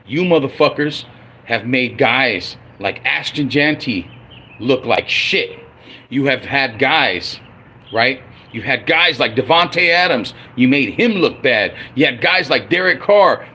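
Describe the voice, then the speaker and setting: A man ranting on a livestream about his football team, profane and heated, swinging between loud outbursts and low grumbling. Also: expressive, a little slow, a little hiss or hum. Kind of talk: angry unscripted livestream rant.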